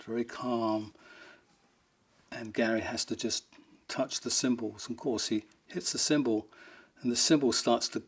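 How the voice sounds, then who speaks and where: A man's voice: mid-range voice, steady tone, unhurried, husky. A man, a rock guitarist, telling fond, rambling anecdotes in an interview, amused and laughing now and then.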